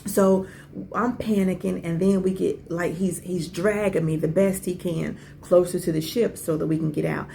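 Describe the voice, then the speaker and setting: A woman in her forties, a podcast host, telling a personal story in a casual, animated way with asides and rhetorical questions. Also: fairly low pitch, normal speed, gravelly, slight background noise.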